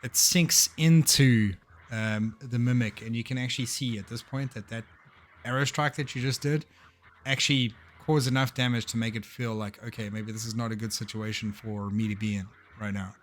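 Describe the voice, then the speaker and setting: A man's voice: medium pitch, fairly even intonation, normal speed. A young man as game master, narrating a tabletop game in a loose, upbeat way with plenty of fillers.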